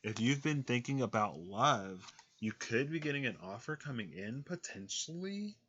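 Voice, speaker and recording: A man's voice: medium pitch, expressive, moderate pace, fairly bright tone, breathy edge, dull audio. A man giving a casual tarot reading, rambling with lots of fillers and frequent laughs. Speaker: tarot reader.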